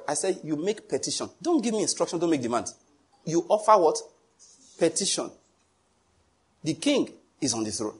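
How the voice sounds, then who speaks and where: A man preaching a sermon in an animated, joking way, with pleading asides to the congregation. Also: fairly high pitch, moderate pace, long pauses, breathy edge.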